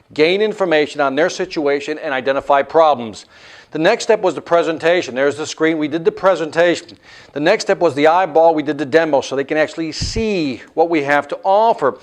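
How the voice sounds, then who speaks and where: A man teaching a sales lesson in an animated way, acting out what the customer thinks. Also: a little high. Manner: animated, acts out customer lines. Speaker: sales instructor. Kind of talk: instructional lecture.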